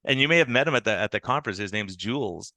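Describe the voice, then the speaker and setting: A man, an internal medicine doctor, telling animated stories as a podcast guest and acting out the people he quotes. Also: mid-range voice, fast talker, dry recording. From United States. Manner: animated storytelling with quoted dialogue. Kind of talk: conversational interview.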